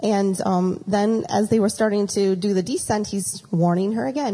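A woman's voice: mid-range voice, moderate pace, few pauses, warm tone, poor audio. A middle-aged woman giving a chatty storytelling talk with a faith reflection, rambling and slipping into acted quotes.

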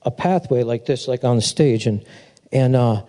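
A middle-aged man gives an informal sermon at a memorial service, his voice very dark and mellow. He rambles in an easy, conversational way and keeps circling back to his point. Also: moderate pace. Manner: rambling storyteller, animated, mimics a chirping bird in a high voice. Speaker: pastor speaking at a memorial.

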